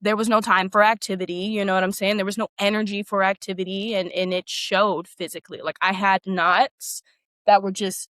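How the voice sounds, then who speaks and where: A woman's voice: medium pitch, level tone, fairly quick, a bit bright, dry recording. A woman in her thirties, a former teacher and coach, telling her story in a candid interview with emphatic, casual talk.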